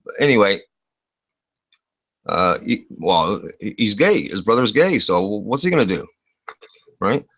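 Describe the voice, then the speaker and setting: A man's voice: lowish voice, big pitch swings, a little slow, pauses often, fairly bright tone, no echo, muffled recording. A man telling a crude, rambling story on a video call, swearing often and full of fillers. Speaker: online show host.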